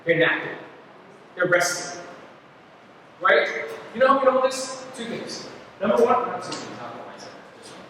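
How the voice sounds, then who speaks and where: A man with a high voice teaches a church group in a loose, rambling way, full of fillers and asides. He is heard from far off in a big, booming hall with a long reverb tail. Steady noise sits under his voice. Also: moderate pace, pauses often. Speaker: youth Bible study teacher. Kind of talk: casual Bible study teaching. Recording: echoey hall from far off, noisy.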